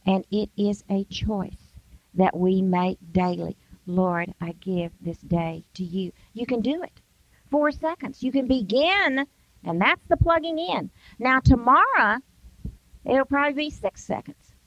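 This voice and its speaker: A woman's voice: high-pitched, a little slow, a bit bright, no room sound. An older woman speaker giving an emphatic Christian devotional talk, acting out everyday excuses in quoted voices. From United States. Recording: dull, dry sound.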